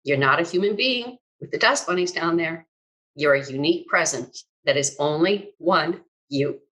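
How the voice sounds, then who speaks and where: A woman quoting a kind, upbeat older male mentor in a warm, coaxing, reassuring way. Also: deep voice, animated, normal speed, rough recording. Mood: gentle, soothing.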